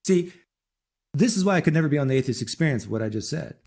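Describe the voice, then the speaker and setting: A man's voice: on the high side, expressive, fast, a little mellow. A man giving an opinionated monologue in a preachy way, repeating his points.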